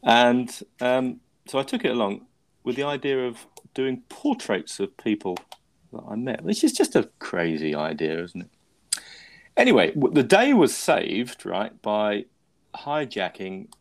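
A man's voice: medium pitch, very animated, a little slow. A man hosting a podcast, telling a story in a rambling, self-mocking way with lots of restarts. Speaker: podcast host. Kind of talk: casual chat.

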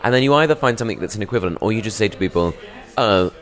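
Fast-talking British comedian, low voice. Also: male voice, expressive. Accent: British English. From England. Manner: chatty, self-deprecating, rambling. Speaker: touring stand-up comedian. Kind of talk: casual podcast interview.

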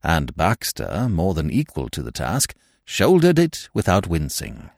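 Male audiobook narrator, wry and expressive, animated delivery, dry studio sound. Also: low voice, a little slow, vocal fry, no room sound.

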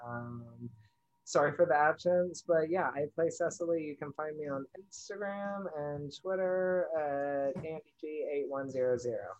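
Woman, tabletop player, very low voice, slightly rushed, dull muffled mic. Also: a little mellow.

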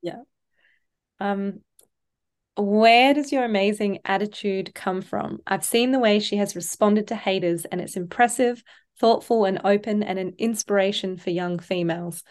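A woman hosting an interview, who asks questions and reads listener questions aloud in a plain, steady way. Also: mid-range voice, measured pace. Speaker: host.

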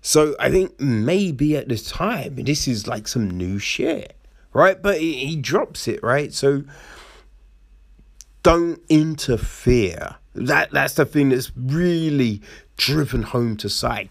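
Man reviewing a book in a casual chat, slow, gravelly, animated, rambling asides. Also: mid-range voice, no room sound, clean studio sound. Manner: animated, acts out characters in quick quoted voices; rambling with frequent "right?" and "you know".

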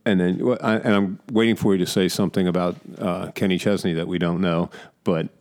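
A man's voice: deep voice, steady tone, fairly quick, darkish tone. A man hosting a podcast in casual, teasing chat that rambles off topic. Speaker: podcast host.

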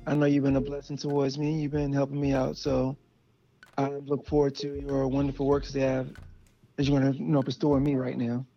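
A caller on the phone offering sincere congratulations in an easy, relaxed way. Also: mid-range voice, fairly quick, a little hiss or hum. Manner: relaxed and sincere, warm wishes. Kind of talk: call-in congratulations. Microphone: phone line. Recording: muffled phone audio.

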